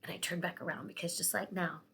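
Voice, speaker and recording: A woman in her sixties with a low, gravelly voice, telling a personal story to camera. She is tearful and emotional, and her voice often sinks into a whisper. There is a faint hiss behind her. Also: steady tone, quick pace, bright, forceful tone. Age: 60s. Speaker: vlogger.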